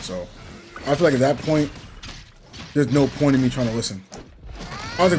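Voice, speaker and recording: This young gaming channel host has a darkish, higher-pitched voice with big pitch swings, a fairly quick pace, and long pauses, plus a bit of hiss or hum. He plays while talking casually and reflectively, rambling and chuckling between points.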